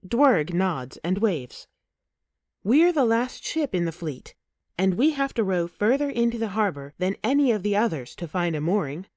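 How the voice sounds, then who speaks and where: Expressive woman narrating an audiobook. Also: mid-range voice, moderate pace, dry recording, studio quality. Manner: expressive, emotive storytelling. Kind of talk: first-person audiobook narration.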